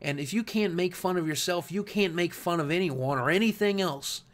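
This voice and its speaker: A man's voice: high voice, moderate pace, fairly bright tone. A man from Southwest Virginia with a slight Southern US accent, talking candidly to camera as a YouTube creator in an earnest, reflective way, often restarting and repeating words. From Southwest Virginia, USA. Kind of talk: candid talking-head monologue.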